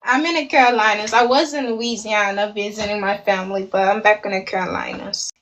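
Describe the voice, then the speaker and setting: A woman's voice: mid-range voice, steady tone, brisk, a bit bright, low-quality recording. Blunt Caribbean-accented woman, slight hiss. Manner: blunt, outspoken, swears casually. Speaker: panel participant. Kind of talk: casual live discussion.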